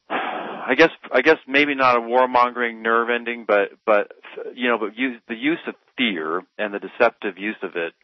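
A man talking on a radio show, halting and searching for words with many fillers. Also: mid-range voice, no room sound, dull audio. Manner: halting, full of fillers and restarts. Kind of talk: radio talk discussion.

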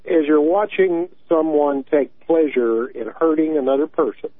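A man's voice: fairly high pitch, normal speed. A man in his early sixties calling in to a radio show, talking earnestly and often repeating words as he makes his point. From Tennessee. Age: 60s. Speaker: caller. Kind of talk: call-in radio talk. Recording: tinny dry phone line.

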